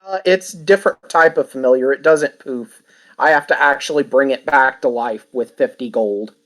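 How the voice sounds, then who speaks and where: A tabletop game player speaking at an ordinary pitch, describing their moves plainly and matter-of-factly. They pause now and then to think before answering. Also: fairly bright tone.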